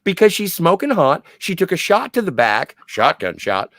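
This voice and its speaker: A man's voice: fairly high pitch, huge pitch swings, normal speed, fairly bright tone, no echo, studio quality. A man co-hosting a podcast who eagerly corrects and adds to his co-host's film recap. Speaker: podcast co-host. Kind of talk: casual film-recap chat.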